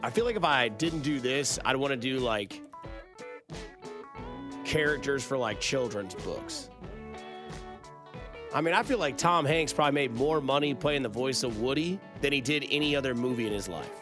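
A man's voice: medium pitch, moderate pace, pauses often. A male sports radio host chatting casually late at night in a studio. He rambles and corrects himself mid-thought, in an easygoing, conversational way. Faint music plays underneath.

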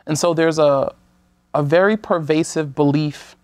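A woman from the United States speaking as a guest on an interview show, measured and earnest, sometimes restarting her sentences. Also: low-pitched, steady tone, darkish tone, dry recording. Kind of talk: conversational talk-show interview.

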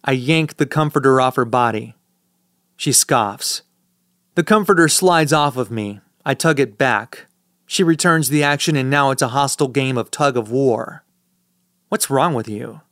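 A man's voice: medium pitch, normal speed, a bit bright, no echo. A man narrating a first-person audiobook in a dry, sardonic manner, recorded on a close studio mic.

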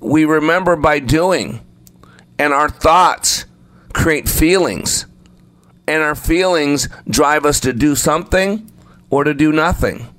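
A man's voice: on the high side, slow, fairly bright tone, no room sound. A man preaching a sermon, speaking emphatically and repeating phrases for effect. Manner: acts out the story voices while telling it.

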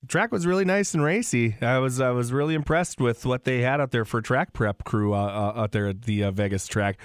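A man co-hosting a racing talk show, reading results in a relaxed, halting way with many fillers and restarts. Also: mid-range voice, no echo, studio quality. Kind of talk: casual sports radio chat.

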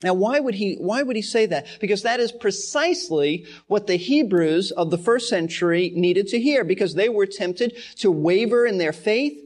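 Man, higher-pitched pastor, verse-by-verse Bible teacher, earnest, leans hard on key words. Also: animated, normal speed, few pauses. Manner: earnest, emphatic, repeats key words for stress.

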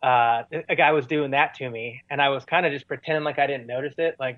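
A man's voice: mid-range voice, fairly even intonation, fast, no echo, muffled recording. A man telling stories as a guest in an interview, rambling with many fillers and restarts. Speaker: touring musician guest. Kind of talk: casual storytelling in an interview.

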